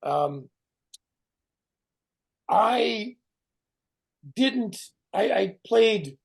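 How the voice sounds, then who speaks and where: Gravelly man telling animated stories. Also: high-pitched, drawn-out words. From Canada. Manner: animated storyteller who swears and acts out the voices of people in his stories. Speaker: guest actor. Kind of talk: casual interview chat.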